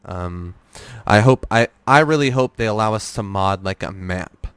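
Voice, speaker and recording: A young man talks casually as a guest on a gaming podcast, rambling with plenty of fillers and false starts. His voice sits low and sounds smooth and clean. The sound is dry and close. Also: normal speed, no room sound. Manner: rambling storyteller, many fillers and restarts.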